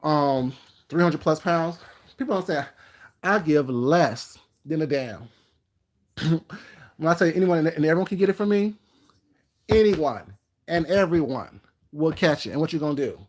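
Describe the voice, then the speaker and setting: A man's voice: on the high side, animated, a little slow, pauses often. Rambling, sassy man telling stories. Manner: rambling, jumps between topics; brash, sassy and self-assured. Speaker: food vlogger. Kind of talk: casual storytelling to camera.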